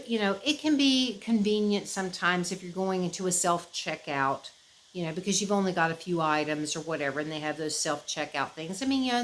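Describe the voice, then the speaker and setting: A woman from the United States, chatting casually to camera as a vlogger, rambling and expressive, with many fillers and restarts. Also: on the low side, a little hiss or hum, rough recording. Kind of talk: casual chat.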